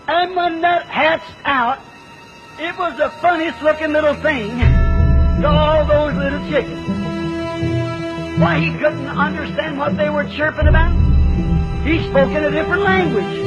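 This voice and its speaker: High-voiced folksy revival preacher. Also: male voice, lo-fi sound. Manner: folksy, rural turns of speech. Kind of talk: revival sermon storytelling.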